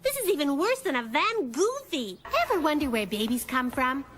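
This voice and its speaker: A woman's voice: high-pitched, big pitch swings, moderate pace, a bit bright, soft background music. A giggly cartoon girl. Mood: cheeky. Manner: giggly, playful storytelling. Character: chatty cheeky young girl. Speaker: narrator character. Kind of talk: cartoon monologue to the audience.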